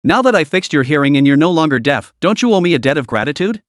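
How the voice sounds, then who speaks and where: A man voicing a cocky, flippant young man who teases with deadpan mockery in a story recap. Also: a little high, fast talker, no echo, studio quality. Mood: mocking. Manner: mocking, deadpan teasing.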